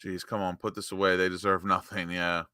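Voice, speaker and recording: A young man hosting a live football watchalong, giving excitable, emotional fan commentary into a close mic. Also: deep voice, fairly quick, clear, resonant tone, no room sound. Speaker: watchalong host.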